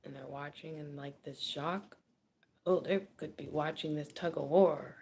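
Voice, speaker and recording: A woman giving a casual tarot reading, chatty and animated, with frequent laughter and swearing. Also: low voice, unhurried, vocal fry, slight background noise. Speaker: tarot reader. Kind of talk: casual spoken card reading.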